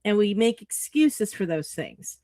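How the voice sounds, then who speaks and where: A woman co-hosting a casual stream, giving an animated spiritual pep talk that is full of swearing. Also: medium pitch, measured pace, no echo, clean studio sound. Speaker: co-host, author. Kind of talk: casual motivational chat.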